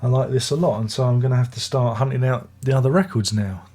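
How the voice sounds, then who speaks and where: An older British music reviewer speaks quickly in a warm, slightly rough voice of medium pitch. He covers an album in a relaxed, meandering way, often beginning sentences again and slipping in chatty comments.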